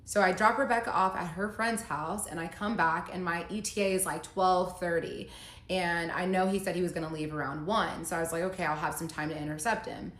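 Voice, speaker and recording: A woman's voice: on the low side, steady tone, a little fast, a bit bright. A woman telling her own breakup story in a casual monologue, emotional, reading messages aloud in her own voice. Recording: echoey room.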